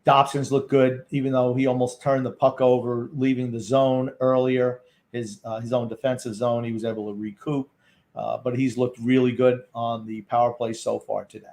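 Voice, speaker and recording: A man's voice: mid-range voice, little pitch movement, normal speed, a little mellow. A man co-hosting a hockey watchalong podcast, making dry, wry remarks about the game. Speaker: podcast co-host. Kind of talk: casual sports commentary.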